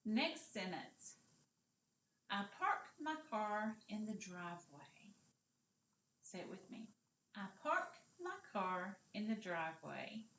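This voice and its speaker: Kindergarten teacher, woman, unhurried and lively in pitch, whispering some words, recorded in a roomy space. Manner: slow, encouraging, sing-song teacher voice with whispered parts. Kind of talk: kindergarten literacy lesson. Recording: echoey room.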